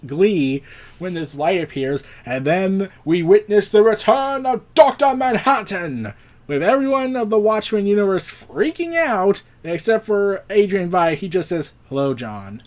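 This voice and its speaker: Guy rambling through a comic recap, fairly high voice, bouncy lively tone. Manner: rambling, with restarts and acted quotes. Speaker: comic book reviewer. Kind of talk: casual comic issue recap.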